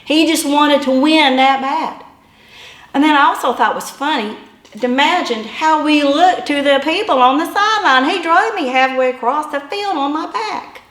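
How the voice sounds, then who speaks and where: A woman telling a personal story in an animated way, building to yelps and shouts. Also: high voice, moderate pace, echoey room.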